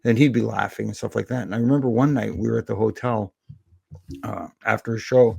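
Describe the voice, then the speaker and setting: A middle-aged man, a former wrestling referee, telling lively anecdotes as a podcast guest and slipping into the voices of the people in them. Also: lowish voice, a little fast, vocal fry, husky, no echo. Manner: animated anecdotes with quoted voices. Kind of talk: storytelling in a podcast interview.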